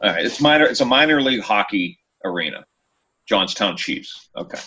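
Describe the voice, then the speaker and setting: A man hosting a casual chat show, telling a story with lively, acted-out quotes. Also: on the low side, fairly quick, muffled recording, background noise. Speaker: podcast host.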